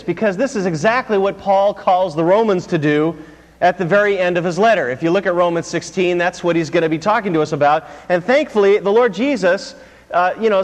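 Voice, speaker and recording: A man preaching a sermon as pastor, drawing call-and-response answers from the congregation and repeating words for emphasis. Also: high-pitched. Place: church sanctuary. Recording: long hall reverb.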